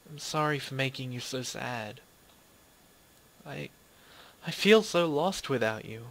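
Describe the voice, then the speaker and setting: A man voicing a soft-spoken, apologetic teenage schoolgirl full of remorse. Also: mid-range voice, expressive, takes it slowly, gravelly, exaggerated voice, low-quality recording. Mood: remorseful.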